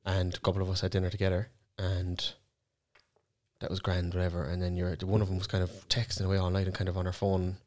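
A young Irishman from Cork with a low, deep, darkish voice rattles through a story quickly in a monotone. Co-hosting a casual podcast, he swears freely and acts out other people's words in his own voice, keeping things loose and unscripted.

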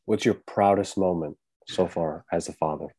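A male podcast host with a low, mellow voice asks curious questions. His speech is loose and filled with casual "like"s. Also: moderate pace, breathy edge.

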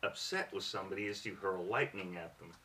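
Wry low-voiced man, off-mic. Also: pushed and bright, recorded from a distance. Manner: wry, joking, slow and deliberate when introducing. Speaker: podcast host. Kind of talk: casual chat.

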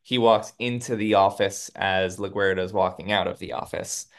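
A man co-hosting a podcast, casually recapping a TV episode and quickly acting out the characters' lines. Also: low-pitched, steady tone, vocal fry. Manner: retells scenes with quick quoted lines. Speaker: podcast co-host.

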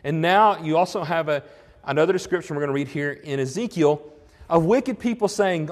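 A man's voice: on the high side, a little fast, big-room sound. A man preaching a sermon in an earnest, conversational way, rising into emphatic swells on key points. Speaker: pastor.

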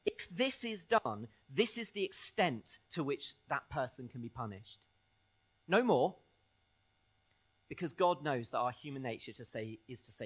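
A male pastor preaching a sermon in an animated way, swinging between loud stresses and soft, quiet phrases. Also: medium pitch, unhurried.

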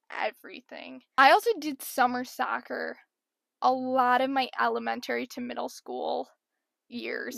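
A woman's voice: high voice, vocal fry, fairly bright tone, no room sound, clean studio sound. A woman hosting a podcast, telling stories in a chatty, self-mocking way with plenty of "like". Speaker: podcast host. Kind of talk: casual storytelling monologue.

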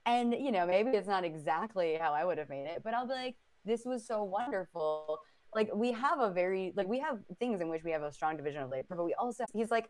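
A woman's voice: mid-range voice, expressive, a little fast, few pauses, darkish tone. A woman co-hosting a casual talk podcast, telling stories animatedly with many fillers. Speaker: podcast co-host. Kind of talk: casual chat.

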